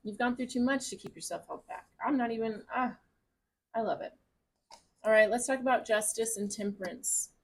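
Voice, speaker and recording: A woman's voice: on the high side, moderate pace. A woman giving a casual tarot reading to camera at home, gushing, chatty and encouraging, with the odd swear word. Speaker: tarot reader.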